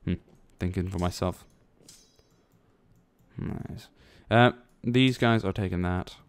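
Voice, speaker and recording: A man's voice: low-pitched, slow, smooth. A man giving casual, rambling commentary over a strategy game, thinking aloud and tossing in jokey asides. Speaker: let's play commentator.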